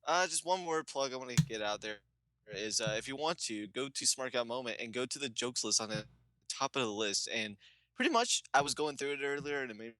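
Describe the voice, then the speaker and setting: A man's voice: medium pitch, expressive, a little fast, sharp tone, no room sound. A man co-hosting a wrestling podcast, chatting casually and rambling through his plugs, restarting sentences and laughing at his own slips. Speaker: co-host.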